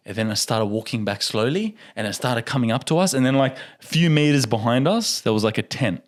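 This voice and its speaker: A young man chatting as a guest on a podcast. He tells a story with energy, breaks into laughs often and acts out the lines of the people in it. His pitch sits in the middle range for a man. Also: lively intonation, a little fast, hardly any pauses. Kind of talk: casual storytelling.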